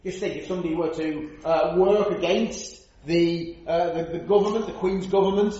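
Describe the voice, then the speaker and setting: A man's voice: high-pitched, steady tone, normal speed, mellow. A man preaching an earnest sermon, stressing his points and asking rhetorical questions. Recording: roomy, dull church recording.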